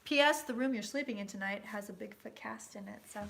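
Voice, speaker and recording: A tipsy woman in her thirties reading tarot, chatting loudly and swearing as she tells stories. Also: medium pitch, a little fast, creaky, heavy background noise. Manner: loud, sweary, excitable storyteller. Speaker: tarot reader and host. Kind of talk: casual tipsy chat.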